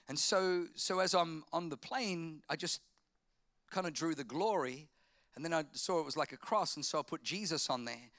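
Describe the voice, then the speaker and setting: A middle-aged man, preaching a sermon, swinging from loud emphatic lines to quiet hushed asides. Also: fairly high pitch, moderate pace, no echo. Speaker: pastor.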